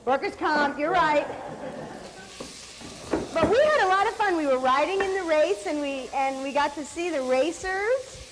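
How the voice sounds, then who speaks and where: A woman's voice: sits high, animated, background noise. A middle-aged woman co-hosting a comedy cooking show, bantering and teasing her partner while she stirs. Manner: playful, teasing, quick comebacks. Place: TV studio kitchen with live audience.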